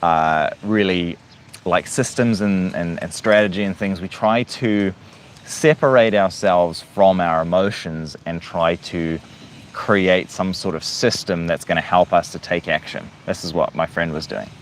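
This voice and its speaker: A low-voiced man with a light New Zealand accent talks casually to his livestream viewers. He speaks reflectively, with plenty of fillers and restarts, and faint noise hums behind him. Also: measured pace. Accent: New Zealand, softened. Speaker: livestream host.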